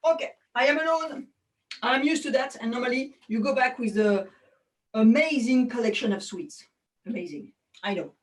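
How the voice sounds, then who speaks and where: Playful French woman, fairly high voice. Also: lively intonation, unhurried, pauses often, distant mic, poor audio. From France. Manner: playful, chatty, self-mocking. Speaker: magician. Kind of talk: virtual magic show patter. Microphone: video call.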